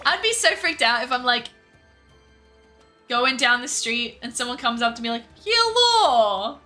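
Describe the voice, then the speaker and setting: A woman's voice: on the high side, moderate pace, bright, forceful tone, faint music behind. A woman streamer chatting casually while playing a video game, giggly, self-mocking and swearing freely. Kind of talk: casual gameplay commentary.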